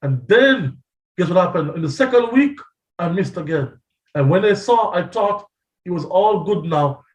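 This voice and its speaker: A man's voice: sits high, lively intonation, normal speed. A man preaching a testimony sermon as a pastor, telling his story dramatically and acting out the voices he quotes. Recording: echoey, from a distance.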